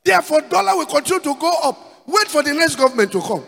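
A man's voice: very high voice, very animated, fast, creaky, bright, forceful tone. A man with a Nigerian accent preaching a sermon as pastor, repeating words and dropping in asides like "praise the Lord". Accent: Nigerian English. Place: church hall. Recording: reverberant church hall with faint music.

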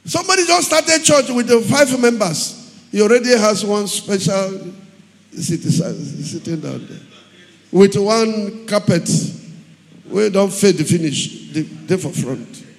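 A man's voice: sits high, expressive, slow pace. A man, a pastor preaching an emphatic sermon in a church hall, repeating key phrases and telling stories. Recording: long hall reverb.

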